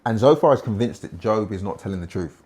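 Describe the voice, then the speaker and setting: A man leads a Bible study in a lively, conversational teaching voice. He swings from hushed, slow lines to loud bursts and drops into laughing asides. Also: fairly low pitch.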